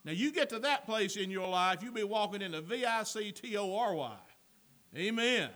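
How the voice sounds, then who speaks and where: A man delivers a sermon in a very high voice. His tone is bright and forceful, swelling into shouted lines before easing into folksy, joking asides. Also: lively intonation, normal speed. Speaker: pastor.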